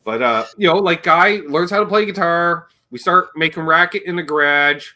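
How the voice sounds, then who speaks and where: A man's voice: fairly high pitch, moderate pace, pushed and bright. A man hosting a casual livestream chat, rambling and joking and reading viewer comments aloud as he talks. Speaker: livestream host.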